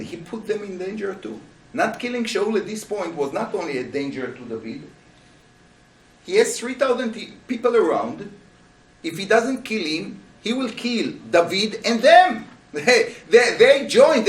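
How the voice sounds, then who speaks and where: A man teaching a Torah class as a rabbi, speaking with animated rhetorical questions to his students. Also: high-pitched. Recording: roomy, voice from a distance.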